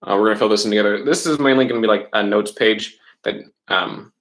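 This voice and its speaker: A man teaching a middle school class over a webcam, patient, repeating words slowly and checking in with "right?" and "okay?". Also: on the low side, fairly bright tone, rough recording. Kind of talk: recorded online class lesson.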